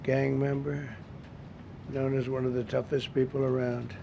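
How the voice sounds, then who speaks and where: A man's voice: medium pitch, monotone, moderate pace, creaky, noisy background. A man in his seventies giving off-the-cuff remarks at a press briefing in a government briefing room, blunt and repetitive, with rambling asides, into a podium microphone. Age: 70s.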